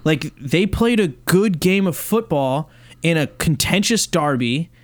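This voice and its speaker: A man's voice: a little high, lively intonation, measured pace, no echo. A man chatting on a sports podcast, heated and rambling, full of fillers and restarts. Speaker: Liverpool fan podcast co-host. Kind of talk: casual chat.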